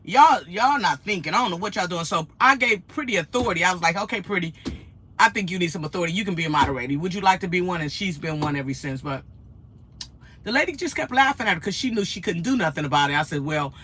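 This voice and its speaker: A woman, vlogging in an animated, chatty way and telling stories. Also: fairly low pitch, fast talker, a little hiss or hum. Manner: animated, laughs often, acts out quotes. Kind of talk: casual chatty storytelling.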